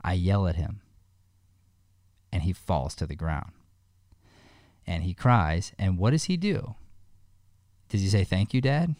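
A man with a very deep voice speaks in earnest. He tells a story and offers advice, often restarting his sentences. The sound is close and dry. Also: very animated, takes it slowly, pauses often, darkish tone, no room sound. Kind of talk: heartfelt one-on-one conversation.

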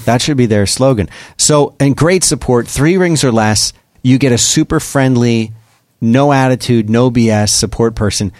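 A podcast co-host rambles chattily through an ad read, interrupting himself as he goes. His medium-pitched voice has a darkish tone and a moderate pace, captured in clean studio sound with no room sound.

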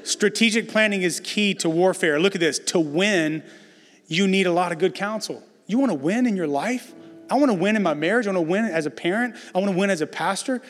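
A high-pitched middle-aged male pastor preaching with emphatic, conversational energy. His voice rings out through a large church hall with a long reverb. Soft music plays faintly underneath. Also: a little fast. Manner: emphatic, conversational preaching with self-deprecating jokes. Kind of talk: sermon.

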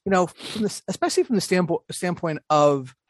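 A man's voice: sits high, animated, a little fast, no room sound, studio quality. A man co-hosting a podcast in casual chat, rambling and restarting his sentences, laughing often. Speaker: podcast co-host.

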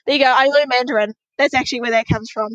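A woman guest on a podcast, bubbly and excitable, gushing in casual conversation. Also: high-pitched, rapid-fire, dry recording, muffled recording. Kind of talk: casual interview chat.

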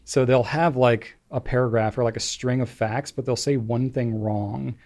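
This is a male podcast co-host with an everyday, middle-pitched voice, talking loosely and casually. He rambles through his points and scatters filler words all over them. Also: steady tone, normal speed, darkish tone. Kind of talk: casual chat.

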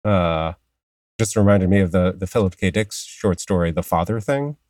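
A man co-hosts a casual podcast chat, stopping and restarting often with "uh." His voice is low-pitched, and the recording is dry and close. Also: darkish tone, dry recording. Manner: halting, many "uh"s and restarts. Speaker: podcast co-host.

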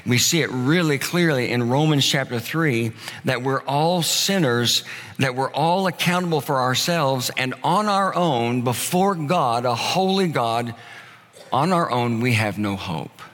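Male pastor, sermon, earnest emphatic delivery, mid-pitched voice, long hall reverb. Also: expressive, fairly bright tone. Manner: earnest, emphatic preaching with drawn-out repeated phrases.

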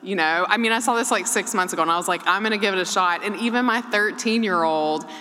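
Chatty middle-aged woman, bright voice. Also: medium pitch, fast talker. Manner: chatty, heavy use of "like", playful. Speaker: podcast co-host. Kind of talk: casual chat. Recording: long hall reverb.

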